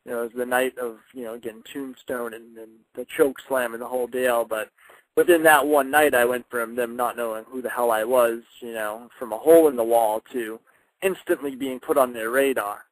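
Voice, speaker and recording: Animated young man telling wrestling stories. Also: mid-range voice, normal speed, no room sound, poor audio. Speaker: wrestler guest. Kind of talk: casual radio interview storytelling.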